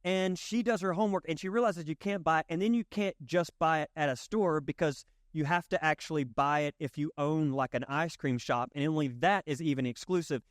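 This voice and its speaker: Middle-aged male pastor, conversational preacher; slightly high voice, dry close sound, lively quoted bits. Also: fairly quick, few pauses, no room sound. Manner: animated, acts out quoted voices with jumps in pitch; casual, lots of fillers and asides to the audience. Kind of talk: conversational sermon storytelling.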